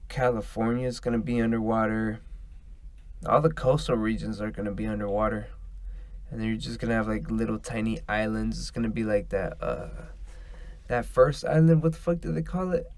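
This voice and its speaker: A man's voice: lowish voice, normal speed. A man hosting a casual solo podcast, rambling and swearing as he drifts between thoughts. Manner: rambling, profane, meandering. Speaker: podcast host.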